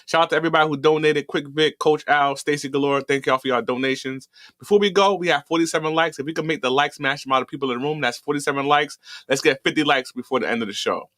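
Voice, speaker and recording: A man hosting a casual live stream, animated and quick to laugh. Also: on the high side, dry recording, clean studio sound. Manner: animated, laughs often, drawn-out reactions. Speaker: host.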